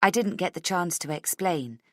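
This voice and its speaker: A woman voicing a bubbly, pushy young female coworker who gushes with excitement. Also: fairly low pitch, normal speed, no room sound, studio quality, natural voice. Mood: excited. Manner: gushing, excitable.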